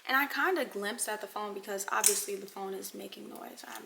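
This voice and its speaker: A young woman vlogger telling a casual storytime, animated and talking straight to her viewers, sometimes dropping into dramatic whispers. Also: mid-range voice, a little fast, vocal fry, a little hiss or hum. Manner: addresses viewers as y'all.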